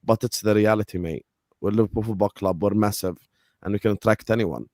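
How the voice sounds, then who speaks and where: A man's voice: fairly low pitch, a little fast, darkish tone, no echo. Give me a laid-back man hosting a casual chat, dry and close. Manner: laid-back British slang, filler-heavy. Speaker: host.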